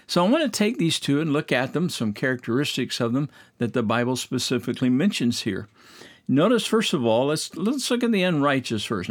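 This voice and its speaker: A man preaching a sermon, slowing down to stress quoted verses and rising sharply on key words. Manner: emphatic, slows down to stress scripture quotes; swoops higher on key words.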